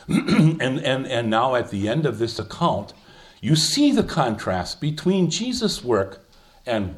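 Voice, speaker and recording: Older man teaching Scripture, lively delivery. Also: on the high side. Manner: lively, thinking aloud with many fillers and restarts. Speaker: Bible teacher. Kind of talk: informal Bible study teaching.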